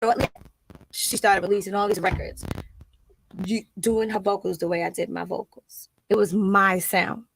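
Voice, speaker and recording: A middle-aged woman with a Brooklyn accent, telling stories as a guest in a casual interview, blunt and animated. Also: mid-range voice, normal speed, gravelly, a little hiss or hum, rough recording. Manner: blunt, animated, acts out others' voices. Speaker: rapper guest.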